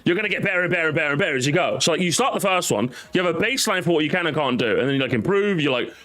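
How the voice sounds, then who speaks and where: A man's voice: on the high side, animated, rapid-fire, pushed and bright. A man in his thirties casually chatting and bantering with a friend on a live stream, teasing and swearing now and then.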